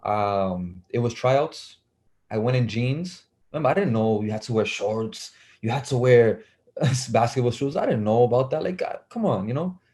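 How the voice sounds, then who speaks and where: A man's voice: medium pitch, lively intonation, normal speed, dark tone. A young man, a basketball player telling stories as an interview guest, acting out the voices he quotes and laughing often. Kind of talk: casual storytelling.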